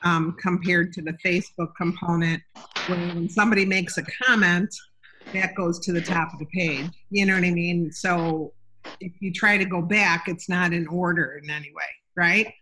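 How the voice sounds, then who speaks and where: A woman's voice: lowish voice, fairly even intonation, moderate pace, sharp tone, slight background noise. A woman hosting a casual video call chat, talking with a lot of ums and restarts. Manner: chatty, hesitant with many ums. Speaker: meeting host.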